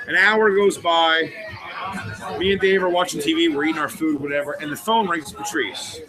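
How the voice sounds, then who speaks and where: Male comedian, high voice, rambling profane storyteller over crowd chatter. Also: moderate pace, rough recording. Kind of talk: anecdotal storytelling in a documentary interview.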